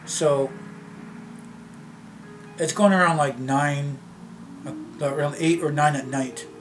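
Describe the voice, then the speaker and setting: A man from Canada telling a personal story to his camera in a rambling, halting way, with many restarts. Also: on the high side, fairly even intonation, rough recording. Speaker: vlogger. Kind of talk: casual storytelling vlog. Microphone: camera mic. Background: background music.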